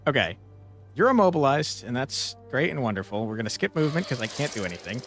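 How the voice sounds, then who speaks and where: Gravelly young man narrating his gameplay. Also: mid-range voice, animated, fast, a bit bright. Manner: playful, swears freely, mock outrage. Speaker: gaming streamer. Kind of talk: casual gameplay commentary. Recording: faint background game music.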